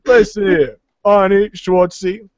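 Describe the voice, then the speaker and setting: A man's voice: high-pitched, steady tone, slow, darkish tone, dry recording, muffled recording. A man putting on an impression of a mocking, smug movie tough guy with slurred taunts.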